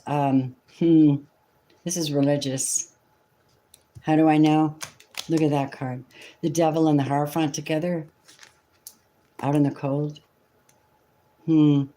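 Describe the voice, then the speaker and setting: Mellow-voiced chatty tarot reader. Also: medium pitch. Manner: chatty and emotional, casual swearing. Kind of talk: live tarot reading stream.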